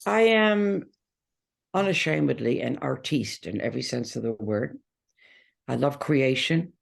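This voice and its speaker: An older woman guesting in an interview, telling lively stories in casual chat and laughing often. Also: very deep voice, vocal fry, husky.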